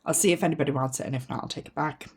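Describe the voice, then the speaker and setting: A woman's voice: deep voice, fairly even intonation, racing, noisy background. A woman beauty vlogger chatting casually as she sorts through her makeup, thinking aloud, frank and self-mocking, trailing off into ums. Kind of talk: casual makeup declutter chat.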